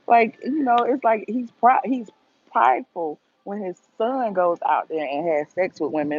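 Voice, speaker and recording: A woman on a gossip livestream, talking straight to her viewers and answering their comments with blunt opinions. Her voice is gravelly and husky. The sound is thin and tinny, like a phone line. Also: mid-range voice, moderate pace, dry recording. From Atlanta, USA. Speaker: gossip vlogger answering live chat.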